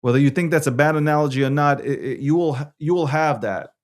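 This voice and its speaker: A man from New York City hosting a show, giving opinionated political commentary with emphatic repetition and swings between loud and soft. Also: on the high side, fast talker. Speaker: show host.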